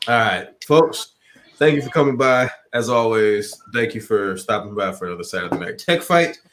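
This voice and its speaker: A man's voice: fairly low pitch, lively intonation, moderate pace, a bit bright. A man hosting an online tech debate stream, casual and laid-back, laughing often as he wraps up. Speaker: host and promoter of online tech debate show. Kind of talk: casual livestream chat. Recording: faint background noise with clicks.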